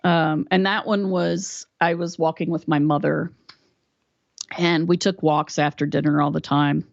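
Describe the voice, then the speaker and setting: Animated woman telling a story. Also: sits low, measured pace, vocal fry, no room sound, lo-fi sound. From West Virginia, US. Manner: animated storyteller who acts out quoted dialogue. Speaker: podcast guest. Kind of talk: storytelling in a casual interview.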